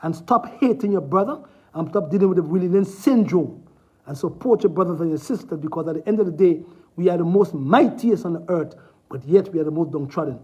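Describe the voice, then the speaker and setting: A man's voice: fairly high pitch, fairly quick, darkish tone. A man giving preachy, emphatic health advice in a casual talk straight to his viewers, repeating his commands. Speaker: natural health promoter. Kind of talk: casual direct-to-camera talk. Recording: dull lo-fi sound.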